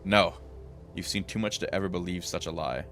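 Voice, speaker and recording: Speaking fast, a man with a low, deep voice reads through a role-playing game's lines while streaming, giving every character its own voice. He tosses in dry comments between them, with gentle game music underneath.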